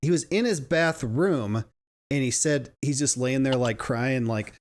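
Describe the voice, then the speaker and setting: A man's voice: mid-range voice, unhurried. A man co-hosting a casual podcast chat, rambling with frequent restarts and laughs. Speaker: podcast co-host.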